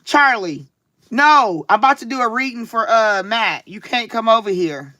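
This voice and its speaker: A woman live streamer speaks in a high, bright voice that is sarcastic and animated. Her talk rises and falls with a preacher-like cadence. The sound is close and dry, with no room around it. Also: normal speed, dry recording, highs cut off. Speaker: livestream tarot reader. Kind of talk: casual livestream talk to viewers.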